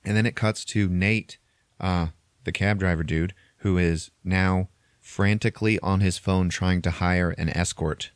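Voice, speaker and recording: A young man hosts a podcast and retells a movie in casual chat, animated, profane and laughing along. His voice sits on the low side. The sound is close and dry. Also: a little slow, clear, resonant tone, no room sound. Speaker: podcast host.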